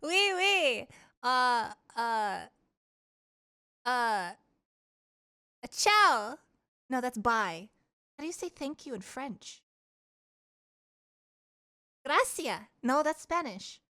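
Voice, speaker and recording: A woman's voice: on the high side, expressive, slow pace, long pauses, sharp tone. A young woman streamer chatting casually with her live chat, playful and giggly, trying out words with a mock French accent.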